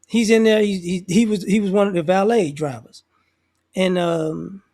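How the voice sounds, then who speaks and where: This commentator is a man with a high-pitched, darkish voice who keeps a steady tone at normal speed. Speaking off the cuff about society, he's slangy and loose, restarts sentences, and performs quoted voices of others in a casual monologue.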